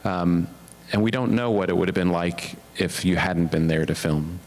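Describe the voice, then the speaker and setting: A man moderating a panel discussion, asking questions slowly and hesitantly. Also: deep voice, fairly even intonation, darkish tone, a little hiss or hum. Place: auditorium.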